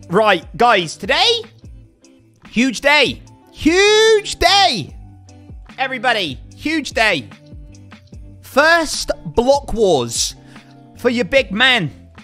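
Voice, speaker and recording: Hyped guy streaming, voice jumps all over, keeps repeating stuff. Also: sits high. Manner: excitable and hyped, repeats phrases. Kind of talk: casual live-stream chat.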